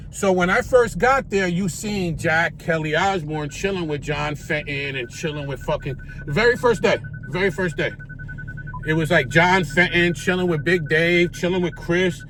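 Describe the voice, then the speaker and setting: Profane, animated storytelling man. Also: on the high side, a little hiss or hum. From Puerto Rico. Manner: animated, profane street slang, acts out quotes. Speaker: vlogger telling stories. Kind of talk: casual storytelling.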